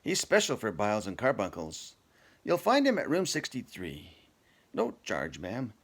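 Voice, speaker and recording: A man's voice: fairly low pitch, wildly swooping pitch, unhurried, a bit bright, exaggerated voice. A man voicing a polite young house doctor with a Scottish accent. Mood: courteous.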